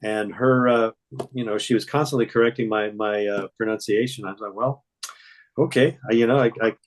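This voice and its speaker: A man's voice: fairly low pitch, flat delivery, fairly quick, rough recording. An older man, a voice actor, telling stories in a rambling, hesitant way during a casual interview. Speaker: voice actor guest.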